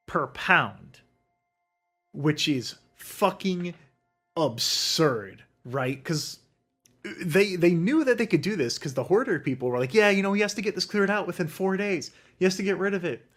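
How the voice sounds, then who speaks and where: A man's voice: mid-range voice, a bit bright, slightly rough. A young man hosting a solo podcast livestream, ranting in a heated, profane way and mocking people with sarcastic quoted voices. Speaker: podcast host.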